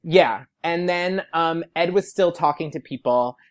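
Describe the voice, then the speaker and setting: A man's voice: on the high side, a little slow. Young man, podcast guest, chatty storyteller who slips into quoted voices. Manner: animated, quotes people in lively put-on voices. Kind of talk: casual storytelling.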